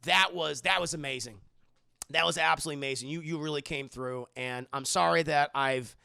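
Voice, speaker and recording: Breezy middle-aged billionaire mentor, rambling, gravelly voice, as a man puts him on. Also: a little high, pushed and bright, no room sound, clean studio sound, full character voice. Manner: rambling, halting.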